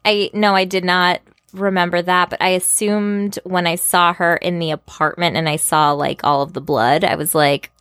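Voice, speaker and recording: Low-voiced woman cohosting a chatty podcast, laughs lots, dry close mic. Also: fairly even intonation, moderate pace, fairly bright tone, smooth, no echo. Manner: laughs often, chatty and easygoing. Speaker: podcast co-host. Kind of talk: casual chat.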